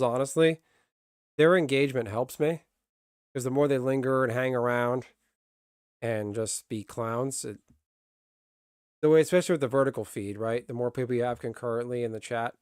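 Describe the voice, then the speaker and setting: A man chats live to his stream in a blunt, grumbling way, cursing freely as he talks. His voice sits at a middling pitch. The sound is dry and close, with no room echo. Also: clean tone. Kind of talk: casual live-stream chat.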